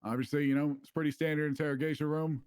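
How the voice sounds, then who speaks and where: A man's voice: a little high, level tone, fast talker, a little mellow. A man playing a police trainer, explaining rooms in a casual, instructive role-play walkthrough. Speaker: police trainer giving a station tour.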